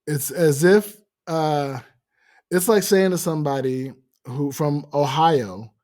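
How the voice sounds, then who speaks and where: An American man hosting a podcast, chatting casually and telling animated stories with playful accent mimicry. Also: a little high, slow. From United States. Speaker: podcast host. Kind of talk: casual chat.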